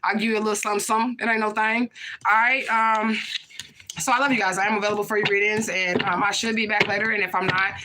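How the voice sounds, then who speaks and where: A woman's voice: mid-range voice, flat delivery, fast talker, noisy background. A young woman reading cards on a live stream, speaking bluntly, swearing often and punctuating her points with "okay?" and "period, point blank.". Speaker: card reader. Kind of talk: casual live-stream talk.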